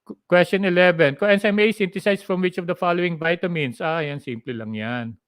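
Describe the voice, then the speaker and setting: A man's voice: high voice, a little fast, a bit bright, smooth, no room sound. Filipino man lecturing in Taglish. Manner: drills answers with mnemonics and Taglish asides. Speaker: biochemistry lecturer. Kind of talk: live-streamed review lecture.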